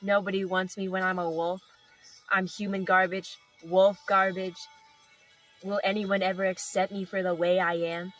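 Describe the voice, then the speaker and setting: A woman's voice: medium pitch, little pitch movement, normal speed, distant mic, faint music behind, natural voice. A woman voicing a rejected young male werewolf wailing melodramatically about being unwanted.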